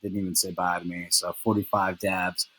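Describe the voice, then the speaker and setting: Young male host, slightly low and husky, rambling and ribbing his friends, filler-heavy. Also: level tone, normal speed, fairly bright tone, poor audio. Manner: teasing, lots of "like" and "um" fillers. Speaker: fantasy football recap host. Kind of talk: casual rambling recap.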